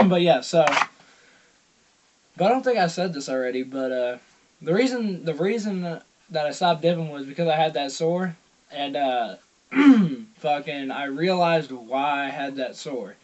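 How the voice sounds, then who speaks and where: A man's voice: fairly high pitch, animated, a little slow. Profane young man rambling. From Georgia, US. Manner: profane, rambling, heavy swearing; loud reenacted quotes. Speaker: vlogger. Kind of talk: casual storytelling monologue.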